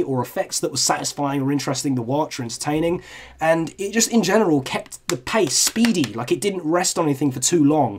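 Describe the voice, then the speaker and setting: A young man giving casual, candid reaction commentary on fan videos and swearing freely. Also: on the high side. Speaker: video reviewer.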